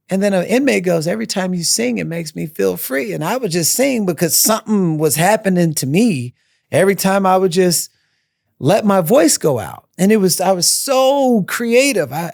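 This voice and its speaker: A man telling a personal story as a podcast guest, animated and repeating phrases for emphasis. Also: high-pitched, moderate pace, creaky, dry recording, studio quality. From United States.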